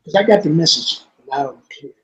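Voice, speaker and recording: High-voiced man telling a story. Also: lively intonation, moderate pace, low-quality recording. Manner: street slang, repeats himself; drops to a low, quiet voice when quoting. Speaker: interview guest. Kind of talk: storytelling in an interview.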